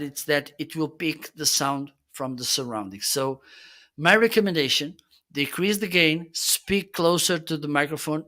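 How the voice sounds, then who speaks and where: A man's voice: a little high, sharp tone. Man casually demoing gear on a livestream. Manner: explanatory, often checks in with "okay". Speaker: livestream host reviewing gear. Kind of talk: casual product demonstration.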